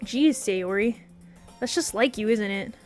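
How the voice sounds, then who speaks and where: A woman's voice: medium pitch, a little slow, soft background music, close to an everyday voice. A woman reading a reserved teenage boy protagonist in a visual novel, narrating in a dry, matter-of-fact way. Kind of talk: visual novel read-aloud.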